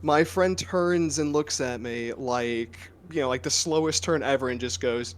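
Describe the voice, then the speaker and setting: Animated New Jersey man telling stories. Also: mid-range voice, a little slow, hardly any pauses. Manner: lively storyteller, animated and joking. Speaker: game master on a podcast. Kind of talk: casual podcast chat.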